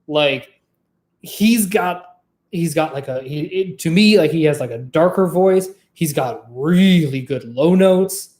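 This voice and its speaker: With a medium-pitched voice and a slow pace, a vlogger who used to be a trained opera singer chats loosely to camera. It's rambling, profane and lively, and the sound is roomy.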